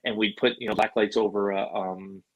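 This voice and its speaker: A middle-aged animal handler from Buffalo, New York, tells casual stories as a podcast guest, rambling with lots of "like" and "you know" and swearing freely. His fairly low voice keeps an even intonation at a brisk clip. The recording is dry, close and poor, with almost no room sound.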